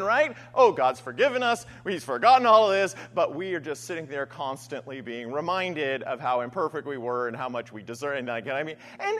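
Male pastor, sermon, chatty and animated, higher voice. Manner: conversational, frequent "right?" asides and restarts.

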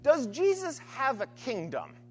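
A man with a very high-pitched, breathy voice preaches a sermon in an unhurried, conversational style. He tells his stories with animation and keeps checking in with "right?"

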